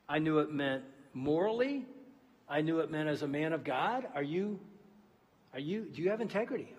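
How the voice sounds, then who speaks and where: High-voiced man preaching in a hall. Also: slightly rough. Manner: storytelling, dropping to a hushed voice for emphasis. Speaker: pastor. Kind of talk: sermon. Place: large church auditorium.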